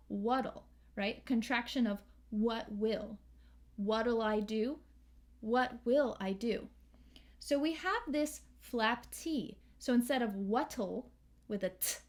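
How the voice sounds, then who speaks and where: A woman teaching English pronunciation, drawing out sounds and singing short phrases as examples. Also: fairly high pitch. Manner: slow, drawn-out demonstration of sounds, sings phrases. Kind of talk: pronunciation lesson with sung examples.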